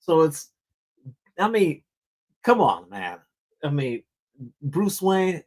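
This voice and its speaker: A man's voice: fairly high pitch, sing-song, takes it slowly, pauses often, low-quality recording. A man hosting a comic book show, chatting casually about a book, rambling, repeating words and often saying "man".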